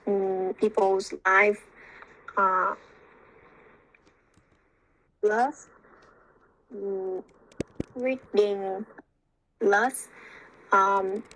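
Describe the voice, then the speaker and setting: A woman's voice: medium pitch, a bit bright, rough recording. A young woman with a Vietnamese accent answering IELTS speaking practice questions, hesitant, with many fillers and restarts.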